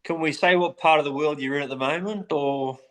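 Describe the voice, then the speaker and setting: A man hosting a casual interview who rambles, stumbles and jokes at his own expense. His voice sits a bit higher than most men's. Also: fairly quick. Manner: rambling, self-deprecating, stumbles over words.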